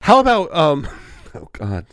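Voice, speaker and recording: A man's voice: fairly high pitch, wildly swooping pitch, a little slow, a bit bright, dry recording, studio quality. A man co-hosting a comedy podcast, teasing his partner and laughing often. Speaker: podcast co-host. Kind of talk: casual comedic podcast banter.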